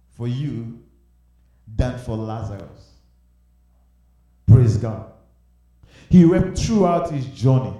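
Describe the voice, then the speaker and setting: A man preaching a sermon with passion, swinging from hushed pleading to loud exclamations. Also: fairly high pitch. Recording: very echoey room.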